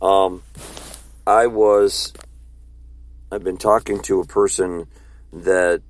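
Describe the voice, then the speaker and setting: A man's voice: low-pitched, flat delivery, takes it slowly, slight background noise. A man who street-preaches, talking earnestly and plainly about faith and reading scripture aloud. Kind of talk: casual faith talk.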